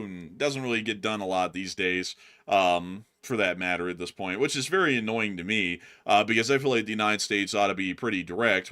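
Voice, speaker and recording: A man's voice: fairly low pitch, sharp tone. A man co-hosting a casual news commentary livestream, blunt and exasperated. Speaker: co-host.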